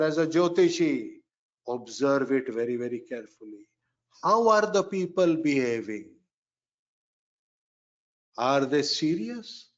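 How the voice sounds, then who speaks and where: With a slightly high voice, a Vedic astrology teacher lectures on spiritual astrology, slow and emphatic, repeating key phrases and chanting mantras. The audio is dull.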